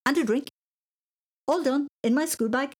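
A woman's voice: high-pitched, moderate pace, pitched above the performer's own voice, natural voice. A woman voicing a determined, forgetful little boy who talks eagerly and emphatically. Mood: proud.

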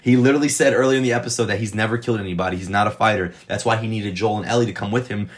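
A man casually reviewing a TV episode, retelling scenes in an excited, rambling way full of swearing. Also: lowish voice, very fast. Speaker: TV show reviewer.

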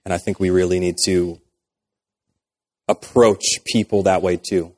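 A man's voice: low voice, steady tone, unhurried, a little mellow. A man in his thirties, a pastor giving a sermon in a conversational way, acting out quoted dialogue as he goes.

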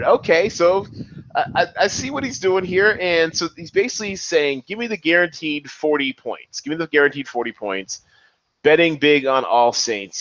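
Excitable male podcast host, lively swinging pitch, dry and slightly dull recording. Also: dry recording. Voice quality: excitable, animated. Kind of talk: casual commentary.

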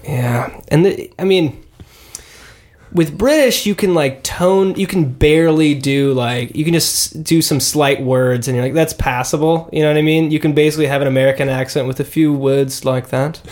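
A man co-hosting a casual podcast chat, rambling with frequent laughs and sudden upward jumps in pitch. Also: normal speed, darkish tone. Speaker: podcast co-host.

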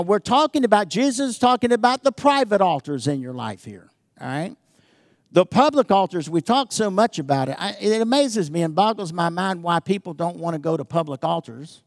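A man's voice: high voice, no room sound. Emphatic preaching man, dry close sound. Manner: swings from loud emphatic preaching to hushed, slow intimate talk; calls out to the congregation with repeated "amen?". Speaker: pastor. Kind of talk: sermon.

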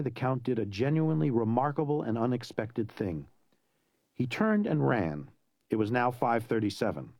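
A man narrating a story in an expressive, dramatic way. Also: mid-range voice, creaky, no room sound. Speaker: audiobook narrator.

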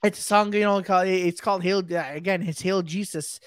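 A man with a high voice on a podcast, chatting casually and telling stories with lively energy. He swears freely and reads out viewer comments. His voice sounds dry and close. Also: fairly quick, clear, resonant tone, dry recording. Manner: animated storytelling, swears, acts out quoted voices. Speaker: podcast co-host. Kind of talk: casual chat.

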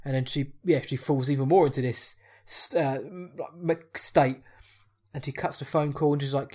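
A man's voice: mid-range voice, normal speed, warm tone. A man co-hosting a casual film discussion, chatty, with stumbling restarts.

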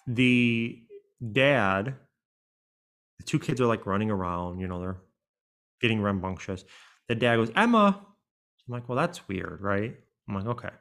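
A man co-hosting a podcast, telling stories in a relaxed way with lots of fillers. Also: fairly low pitch, a little slow, pauses often, clean tone. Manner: relaxed storytelling with frequent fillers. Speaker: podcast co-host. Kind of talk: casual chat.

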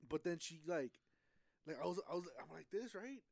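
A man's voice: fairly high pitch, lively intonation, a little fast, gravelly, darkish tone, no echo. A young man in casual podcast chat, telling a profane story with lots of laughter and slang. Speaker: podcast co-host.

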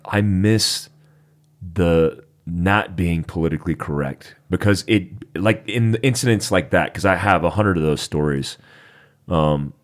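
A man, a former infantryman, hosting a casual interview and chatting with quick, stammering restarts. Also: low-pitched. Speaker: podcast host, former infantryman.

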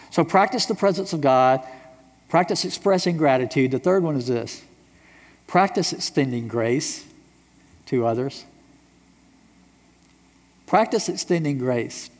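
Leaving long pauses, a middle-aged pastor from the United States preaches a little slowly in a voice on the high side. He is emphatic and keeps returning to rhetorical questions, and the big church hall lends a long reverb.

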